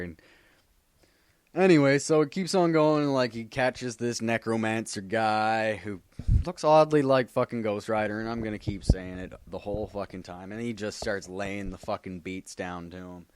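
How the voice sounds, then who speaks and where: A man's voice: fairly low pitch, clean tone, no echo. A man chatting casually about comics, rambling with heavy swearing and lots of fillers. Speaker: comic book vlogger. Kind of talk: casual chat.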